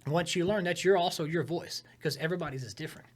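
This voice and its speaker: A man in casual podcast talk, coaching comedy writing in an emphatic, animated way, shifting his tone for effect. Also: on the high side, quick pace. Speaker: comedian giving writing advice.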